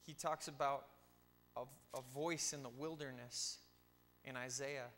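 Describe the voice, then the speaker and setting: A man's voice: mid-range voice, steady tone, a little slow, fairly bright tone. A man giving a casual youth sermon in a church, speaking informally with joking asides. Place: church sanctuary. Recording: long church reverb with faint hum.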